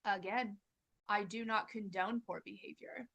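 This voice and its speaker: A woman's voice: medium pitch, fairly even intonation, unhurried, vocal fry, fairly bright tone. A woman hosting a parenting channel, talking earnestly to camera in a casual motivational style and acting out her own inner dialogue.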